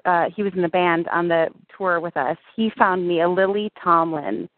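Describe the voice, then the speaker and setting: A woman's voice: fairly low pitch, fairly even intonation, moderate pace, no room sound. A woman guest in a casual interview, rambling with lots of "like" fillers. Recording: tinny dry phone-line audio.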